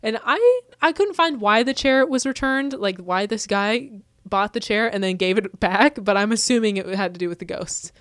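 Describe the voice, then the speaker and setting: A woman co-hosting a podcast, chatting casually and piling on fillers as she tells a story. She sits at a middle pitch for a woman. The room gives almost no echo. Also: animated, moderate pace, hardly any pauses, studio quality. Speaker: podcast co-host. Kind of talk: casual chat.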